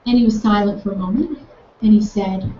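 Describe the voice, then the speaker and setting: A woman's voice: mid-range voice, brisk. Perky woman telling a story, acts out the dialogue, sounds far off in a roomy space. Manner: enthusiastic, animated, acts out both sides of the dialogue. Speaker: speaker recounting a campus conversation. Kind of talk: personal storytelling talk. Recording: echoey, distant, dull room sound with faint noise.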